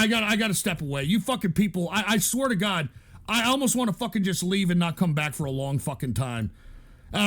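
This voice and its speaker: A man with a strikingly high-pitched voice and a rough, gravelly edge rants at his chat. His delivery is profane and heated, full of stammered restarts and repeated words. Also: fairly bright tone. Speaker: show host. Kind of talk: angry rant at chat.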